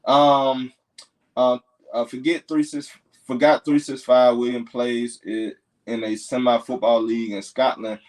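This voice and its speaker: A young man hosts a casual livestream, talking straight to his viewers. He reads their comments and cheers them on in a loose, easygoing way, packing his sentences with "you know" and "man". His pitch sits right in the middle for a man. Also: little pitch movement, unhurried, rough recording. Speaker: livestream host.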